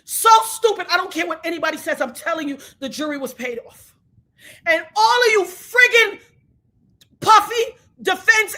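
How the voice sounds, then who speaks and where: A woman giving an angry, tearful commentary rant, shouting, cursing and praying aloud in between. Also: very high voice, normal speed. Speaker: commentary vlogger.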